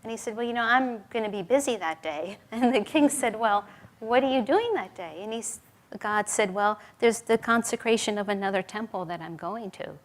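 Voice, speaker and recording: A middle-aged woman giving a devotional talk, telling a story to the group in a gentle, earnest way. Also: a little high, moderate pace. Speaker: spiritual teacher.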